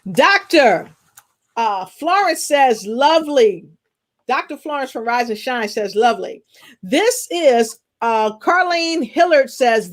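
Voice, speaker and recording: A woman co-hosting an interview show, lively as she reads out viewer comments. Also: fairly high pitch. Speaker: co-host. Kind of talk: interview conversation.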